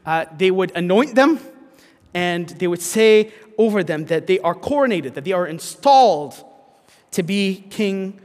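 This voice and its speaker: A man's voice: high-pitched, expressive, a little slow, a little mellow, in a large hall. A man preaching a sermon in an earnest way, with frequent restarts and fillers. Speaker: pastor.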